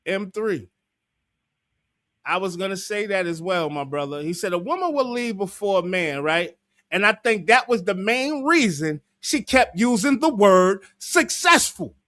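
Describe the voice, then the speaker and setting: High-voiced man hosting a heated argument. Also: lively intonation, a little slow, fairly bright tone, no room sound, clean studio sound. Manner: emphatic, argumentative, repeats himself, profane. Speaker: livestream show host. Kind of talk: heated panel discussion.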